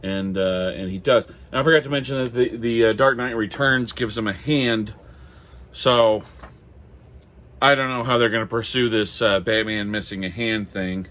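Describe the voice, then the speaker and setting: A man from Minnesota chatting casually on his own about comics, halting and apologetic with lots of fillers, his throat going dry. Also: lowish voice, steady tone, a bit bright. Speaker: comic collector vlogger. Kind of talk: casual solo chat.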